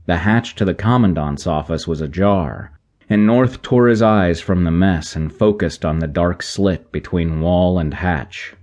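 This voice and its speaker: A man narrating an action sci-fi audiobook in a measured, even way. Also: sits low. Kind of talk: scripted narration.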